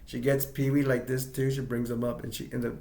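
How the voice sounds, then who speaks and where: A man casually retelling a film's plot as an amateur reviewer, rambling and halting, leaning on "like" and chuckling often. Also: mid-range voice, level tone, gravelly, mellow, reverberant.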